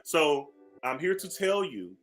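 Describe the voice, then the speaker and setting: Speaking slowly and very animatedly, a man with a slightly high, somewhat bright voice hosts a morning radio show over soft background music. He preaches and sasses at his audience, calling them "baby" and repeating lines for emphasis in a classic talk radio rant.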